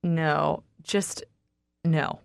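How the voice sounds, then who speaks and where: A blunt teenage boy who swears freely and teases his best friend, put on by a woman reading an audiobook. The lines come slowly and close to the mic, with no room around them. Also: low-pitched, fairly even intonation, gravelly, clear, resonant tone, dry recording, heavily acted. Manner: curses bluntly, teasing. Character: blunt protective teenage boy, crude and teasing.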